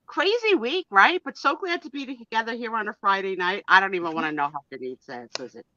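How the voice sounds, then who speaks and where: A woman's voice: medium pitch, lively intonation, fast, pushed and bright, no room sound, highs cut off. A woman joining a live stream as a regular co-host, talking in a playful, teasing, theatrical way.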